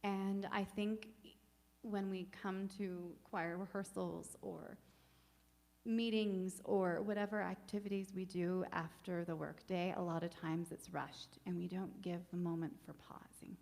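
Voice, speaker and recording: A woman working as a choir director, leading a virtual rehearsal with calm, encouraging instruction. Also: lowish voice, a little slow, vocal fry, big-room sound. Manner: calm, gentle guided breathing, then upbeat coaching.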